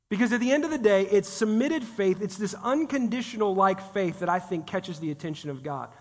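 A man giving a conversational sermon as a guest pastor, animated and talking directly to the congregation. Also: sits high, a little fast, hardly any pauses. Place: church sanctuary. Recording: long reverb of a church hall.

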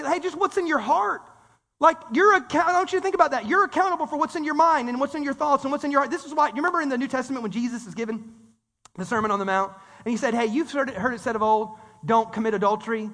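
Male pastor, very high and bright, lively conversational sermon, long hall reverb. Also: fairly quick. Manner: animated, conversational preaching with audience call-and-response.

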